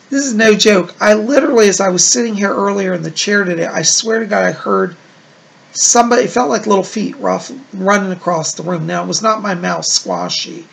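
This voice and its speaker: Speaking at normal speed with vocal fry, a man with a high-sitting voice reads viewer letters on his psychic show. He keeps things casual and reassuring, chatting freely with frequent "like" and "you know."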